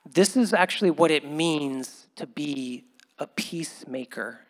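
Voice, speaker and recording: A man preaching a conversational sermon as pastor, chuckling often and building to loud, animated bursts. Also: a little high, unhurried, in a large hall.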